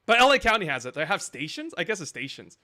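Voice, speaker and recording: Guy rambling thru his plan on a live scambait stream, bright voice. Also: high-pitched, very animated, fast talker. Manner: rambling, thinking aloud.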